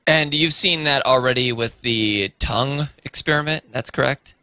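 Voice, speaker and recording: A man's voice: medium pitch, normal speed, sharp tone, clean tone. A man hosting a podcast, asking questions in a friendly, easygoing way. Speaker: podcast host. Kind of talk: casual interview chat.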